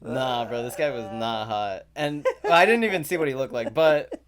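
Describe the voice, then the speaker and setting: A man's voice: mid-range voice, normal speed, smooth. Young man telling a profane story. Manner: animated, profane storytelling with frequent fillers. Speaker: podcast co-host. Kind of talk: casual storytelling chat.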